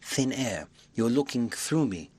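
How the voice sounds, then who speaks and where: A man voicing a tense, impatient invisible man who speaks low, quiet and clipped, with strained self-control. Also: expressive, measured pace, husky, no echo. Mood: cold.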